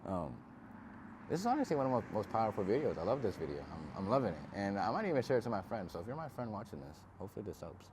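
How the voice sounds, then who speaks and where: A man's voice: fairly low pitch, sing-song, fast talker, noisy background. A young man giving an earnest, casual self-help talk to camera, reflective and slangy.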